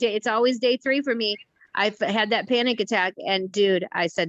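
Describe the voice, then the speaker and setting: Woman, group call host, excited, rambling, lots of fillers, dull audio. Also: medium pitch, normal speed, no room sound. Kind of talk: casual group video call chat. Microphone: video call.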